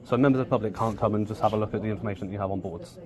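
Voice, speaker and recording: A man filming on a handheld camera in a public office, calmly arguing and pressing questions. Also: lowish voice, very fast, a crowd in the background. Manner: calm, probing, argumentative. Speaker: filming activist. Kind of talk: argumentative confrontation.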